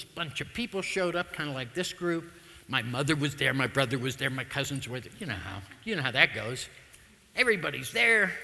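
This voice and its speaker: A man, telling stories through a public talk in a humorous, animated manner. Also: medium pitch. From United States. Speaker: lecturer. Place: lecture hall. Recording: long reverb of a lecture hall.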